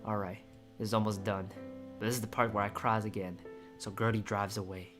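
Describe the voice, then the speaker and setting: A man reading a screenplay aloud in a casual way, excitable and choked up, often restarting his sentences. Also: fairly low pitch, fairly quick, over music. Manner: excitable, emotional, with frequent restarts. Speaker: screenplay reader and commentator. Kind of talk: casual script read-through with commentary.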